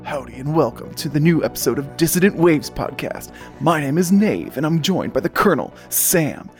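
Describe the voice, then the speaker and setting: A man putting on a slow, deliberately dramatic impression of a gruff gravel-voiced soldier, like a movie trailer. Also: a little high, sing-song, soft background music, pitched above the performer's own voice. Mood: mock-heroic.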